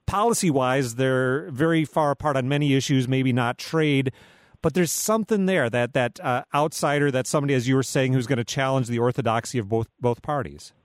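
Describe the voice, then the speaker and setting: A man's voice: medium pitch, dry recording. Male radio host, dry close studio sound, chatty, hesitant questioning. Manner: conversational, hesitant with fillers. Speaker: talk show host. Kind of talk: radio interview.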